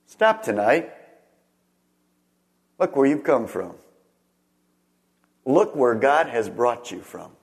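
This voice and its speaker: A middle-aged man, a pastor, preaching a sermon. He swings between raised, emphatic phrases and hushed ones, and puts questions straight to the congregation. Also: medium pitch, sing-song, slow, creaky, pauses often. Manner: asks the congregation questions directly.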